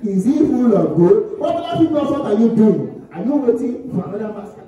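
A man with a Nigerian accent performing spoken word poetry, chanting rhythmic repeated lines and shouting refrains. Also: high-pitched, big pitch swings, a little fast, lo-fi sound. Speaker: performance poet. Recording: echoey hall from far off, music and crowd.

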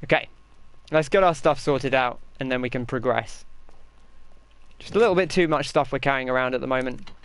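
A man's voice: mid-range voice, a little fast, clear, resonant tone, dry recording. A young man giving casual, rambling commentary while he plays a game and answers viewers' chat. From England. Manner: chatty, rambling, reads chat aloud. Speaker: gaming streamer.

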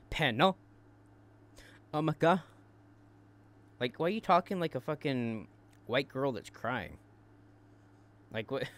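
A man hosting a commentary show, taunting and crude, tripping into quick repeated words as he mocks. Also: mid-range voice, a bit bright. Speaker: commentary host. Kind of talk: mocking commentary.

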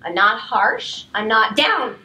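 A woman dog trainer walks listeners through a live demonstration, mixing plain explanation with calm, firm commands. Her voice sits high, and it sounds picked up from a step or two away from the microphone. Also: slow pace, distant mic, rough recording.

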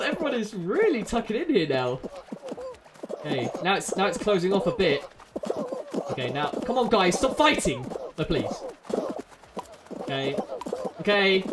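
A woman commentating her own gameplay, excitable and yelling at other players. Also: mid-range voice, very noisy. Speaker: gaming channel host.

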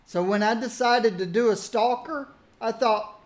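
A man casually reminiscing about old games while he plays, musing aloud in a relaxed way. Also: very high voice, measured pace. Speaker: gaming streamer. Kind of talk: casual commentary while playing.

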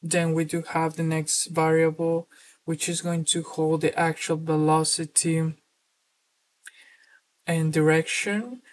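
A woman presenting a screen-recorded software tutorial, explaining steps steadily and filling pauses with "uh". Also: low-pitched. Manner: steady explanatory walkthrough with filler words.

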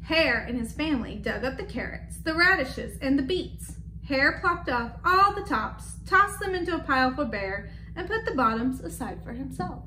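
A woman reading a picture book aloud to children, gentle and stopping to ask them questions. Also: high-pitched, animated, normal speed, few pauses, a little hiss or hum. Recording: echoey room with faint background.

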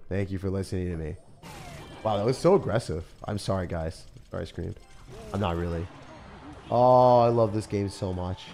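A young man giving live commentary on his game as a streamer, swinging between loud outbursts and low muttering. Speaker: gaming streamer. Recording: faint music behind voice.

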